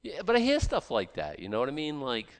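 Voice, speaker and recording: A man reading scripture aloud and explaining it in a casual, animated way, with sarcastic asides and many restarts. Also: a little high, fairly quick. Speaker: Bible teacher. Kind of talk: conversational Bible teaching.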